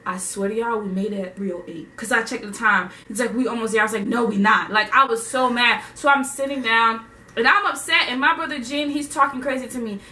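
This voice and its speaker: A young woman from Haiti telling a story to her camera in a casual, slangy, animated way, often laughing as she talks. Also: fairly high pitch, brisk, recorded from a distance. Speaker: vlogger.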